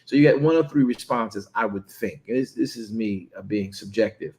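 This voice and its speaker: A man's voice: fairly low pitch, normal speed, a little mellow. A man preaching a conversational sermon, often repeating words and checking in with "right?".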